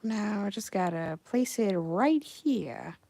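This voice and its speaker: A young woman chatting casually on a livestream while she animates, reading chat messages aloud and breaking into excited outbursts. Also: mid-range voice, slow, dry recording.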